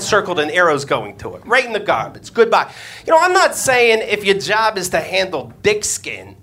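A man's voice: sits high, bright, forceful tone, breathy edge. A man, a comedian and podcast host, telling a crude story on stage before a live audience and acting out the voices he quotes.

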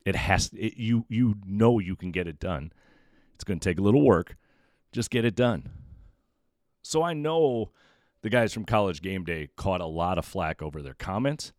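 A man's voice: deep voice, moderate pace, a little mellow, no echo, studio quality. A man hosting a solo sports podcast, giving emphatic, opinionated commentary that sometimes stumbles over repeated words. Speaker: podcast host.

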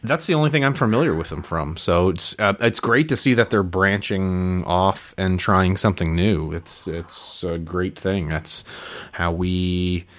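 A man's voice: low voice, a little slow. A man co-hosting a gaming podcast, easygoing and chatting casually. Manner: easygoing, laughs along. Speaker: podcast co-host. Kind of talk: casual chat.

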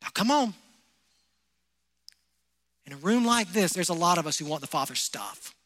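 A male pastor preaching with a very high, bright, forceful voice. He presses his points with rhetorical questions to the congregation. His voice rings out in a church hall with a long reverb. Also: animated, moderate pace. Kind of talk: sermon.

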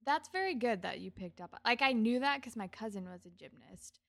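A woman's voice: fairly high pitch, lively intonation, brisk, gravelly, fairly bright tone, dry recording, studio quality. A woman co-hosting a podcast, retelling a TV episode casually and acting out the characters' lines. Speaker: podcast co-host. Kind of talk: casual chat recapping a TV episode.

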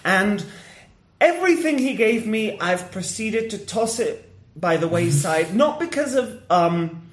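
A man who does stand-up, chatting casually on a podcast and telling stories with lively energy and frequent laughs. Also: high-pitched, a little slow, roomy sound. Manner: animated storyteller, laughs often. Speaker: stand-up comedian.

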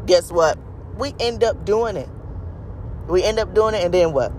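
Fervent devotional preacher, middling pitch, repeats lines, faint street noise in back. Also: expressive, normal speed, long pauses, a little mellow. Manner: emphatic, repeats phrases, talks straight to listeners; calls out to the audience with "y'all" and "you guys".

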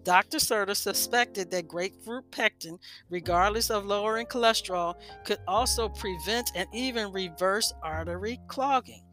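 A woman's voice: mid-range voice, normal speed, a bit bright, soft background music. A woman hosting a health talk, reading an article aloud with frequent stumbles and self-corrections. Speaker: health podcast host.

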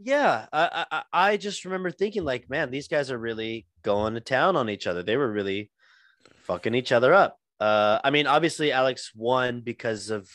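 A man's voice: mid-range voice, lively intonation, normal speed, fairly bright tone, no room sound. A man co-hosting a podcast in casual chat, rambling with many ums and restarts. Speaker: podcast co-host.

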